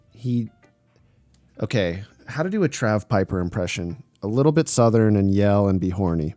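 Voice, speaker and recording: A man's voice: on the low side, animated, moderate pace, warm tone, no echo, faint music behind. A man streaming live through a slight voice changer, bantering crudely with chat as he reads it. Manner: crude, joking banter while reading chat.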